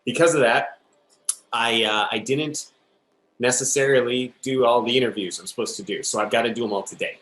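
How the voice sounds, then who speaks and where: A man's voice: mid-range voice, fairly quick, fairly bright tone, roomy sound, slight background noise, close to an everyday voice. A man playing a rambling space interviewer. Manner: rambling, tosses in "all right?" and "okay?". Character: rambling male space-station interviewer, fussy and awkward. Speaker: host of the sketch. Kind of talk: live improv comedy.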